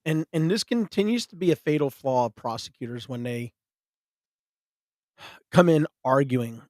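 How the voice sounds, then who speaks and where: Deliberate male host, dry sound. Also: mid-range voice, a little mellow, no echo. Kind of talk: casual panel discussion.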